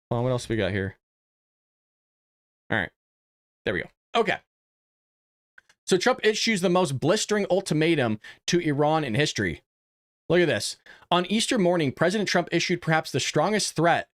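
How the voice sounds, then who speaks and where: A man hosting a casual political commentary livestream, talking in a chatty, conversational way. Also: on the high side. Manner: chatty, conversational, lots of "you know what I mean". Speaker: host.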